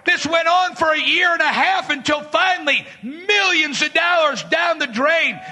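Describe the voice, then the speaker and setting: A man preaching a fiery sermon, telling stories from his street and jail ministry and shouting his main points. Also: very high-pitched, moderate pace, hardly any pauses, a crowd in the background, background noise. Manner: shouting bursts, dramatic retelling with voiced quotes.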